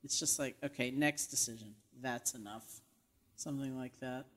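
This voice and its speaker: A man giving calm, reflective advice in conversation, unhurried and with fillers. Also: medium pitch.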